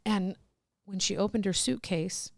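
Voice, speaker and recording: Gravelly-voiced woman telling stories. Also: medium pitch, a little slow, no echo, studio quality. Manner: rambling, with restarts and laughs. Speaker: podcast guest. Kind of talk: candid personal storytelling.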